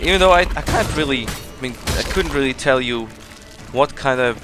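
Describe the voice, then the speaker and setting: A man's voice: medium pitch, expressive, normal speed, music in the background. Chatty man narrating his gameplay. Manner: chatty, rambling, laughs at himself. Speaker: gameplay commentator. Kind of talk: casual let's play commentary.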